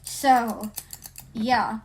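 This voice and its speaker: A teenage girl tells stories in a casual chat, voicing the people in them as she goes. Her voice sits a little high, and she talks in an easy, chatty way. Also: very slow, a little hiss or hum. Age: teens. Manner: animated storytelling, acts out quotes. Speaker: podcast co-host.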